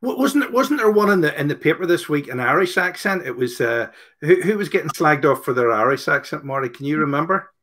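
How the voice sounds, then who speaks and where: A male host with a high, bright, sharp-edged voice keeps the chat going with a joking tone. He stumbles over his words and repeats himself as he talks. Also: animated, fairly quick, few pauses. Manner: jokey, stammering restarts. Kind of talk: casual chat.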